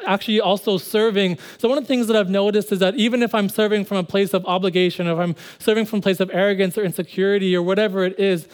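A man's voice: high voice, clean tone. A man preaching a sermon in an earnest way, repeating phrases for emphasis and now and then speeding up. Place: church service.

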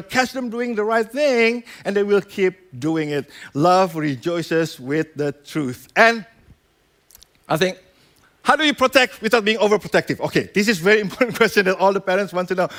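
Male pastor, high-pitched, chatty sermon delivery with acted-out quotes. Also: animated, moderate pace, fairly bright tone. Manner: conversational preaching with frequent "right?" and "you know"; acts out quoted voices.

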